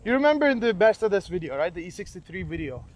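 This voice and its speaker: Man in his twenties, car review vlog, casual slangy delivery, high pitch. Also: big pitch swings, fast. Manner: slangy and joking, says "bro".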